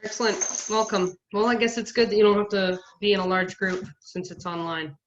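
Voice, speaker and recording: A woman's voice: medium pitch, fairly even intonation, brisk, a little hiss or hum. A woman instructor runs an online class over a video call, her audio slightly muffled and dull. She welcomes each student with a few brief words before calling on the next one. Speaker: course instructor.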